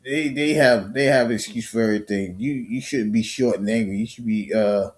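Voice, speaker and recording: A man in a casual chat, halting and repeating his words. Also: on the low side.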